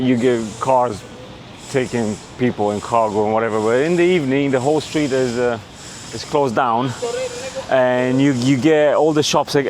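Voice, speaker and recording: A man's voice: mid-range voice, darkish tone, a little hiss or hum. Rambling man vlogging on a city walk. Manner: rambling, joking, swears casually. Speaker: travel vlogger. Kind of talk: casual walking vlog commentary. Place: outdoors on city streets.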